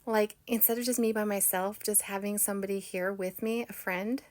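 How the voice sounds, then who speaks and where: A woman's voice: mid-range voice, fairly even intonation, fairly quick, darkish tone. A woman vlogger telling a personal spiritual story in a chatty, earnest and heartfelt way.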